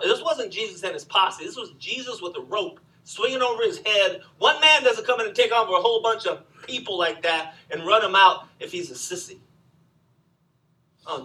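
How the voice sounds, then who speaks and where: A man preaching a sermon, telling the story with animated swings from loud to hushed. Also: high-pitched, distant mic, poor audio. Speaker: pastor.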